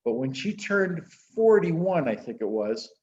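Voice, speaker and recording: A man's voice: a little high, sing-song, unhurried, a little mellow, dull audio. A man, a minister, teaching a class in a conversational way and guiding the group with questions and instructions.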